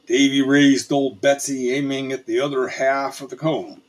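A man narrating a frontier tall tale in a folksy, unhurried storytelling manner. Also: medium pitch, level tone.

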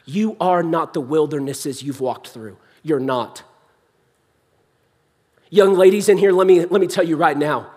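A man's voice: fairly high pitch, a little slow, long pauses, darkish tone. A young adult man preaching a sermon in a church hall, impassioned yet conversational.

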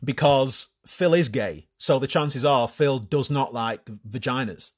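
A man's voice: medium pitch, a little slow. A man hosting a solo podcast in a casual, crude way, swearing freely and mocking himself. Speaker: podcast host.

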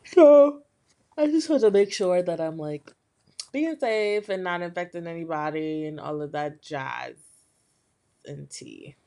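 A young woman hosting a solo podcast, talking candidly in a rambling way with lots of fillers, her voice a bit hoarse from being sick. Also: on the low side, expressive, measured pace, warm tone. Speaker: podcast host. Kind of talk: casual solo podcast talk.

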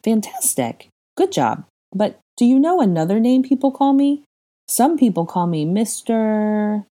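A woman reading a young adult male wizard with a coaxing, gently insistent manner. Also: a little high, sing-song, unhurried, pitched above the performer's own voice.

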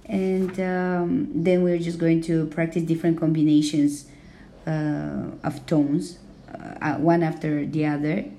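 Slow, gravelly-voiced woman teaching. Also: sits low, flat delivery, mellow. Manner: slow and careful, many "uh" fillers. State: recovering voice, slightly hoarse. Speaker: language teacher. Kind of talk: slow podcast lesson.

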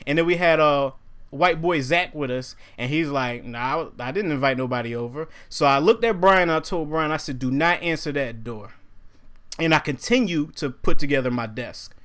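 A young man with a slightly high voice tells a story in a relaxed podcast chat. He acts out the people in it, jumping up and down in pitch as he quotes them. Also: moderate pace. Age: young adult. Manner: animated storyteller acting out quotes.

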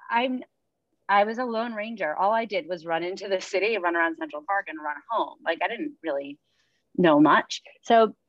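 A woman's voice: mid-range voice, no echo, highs cut off. Chatty New woman coach telling stories. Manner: chatty storyteller, laughs often, acts out quotes. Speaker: running coach and podcast host. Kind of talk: casual chat.

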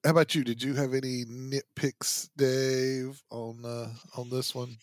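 A man hosting a casual movie podcast in a relaxed way, prompting his co-hosts. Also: mid-range voice, a little slow, dry recording. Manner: relaxed, prompting others, chuckling. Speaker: podcast host. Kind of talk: casual movie review chat.

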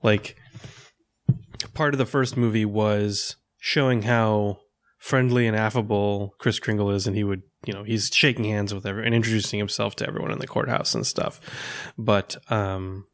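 A man's voice: fairly low pitch, steady tone, moderate pace. A man co-hosting a casual film podcast, thinking aloud with hesitant phrasing. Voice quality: thoughtful, hesitant, searching for words. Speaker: podcast co-host. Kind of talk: casual film-review chat.

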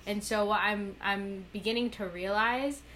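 A young woman talks in a relaxed, reflective way, leaning often on "like" as she works through her thoughts. Her voice sits in a middle register. There is a faint hiss behind her. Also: medium pitch, normal speed. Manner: reflective, earnest, many "like" fillers. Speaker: podcast guest, women's rights activist. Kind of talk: casual conversational interview.

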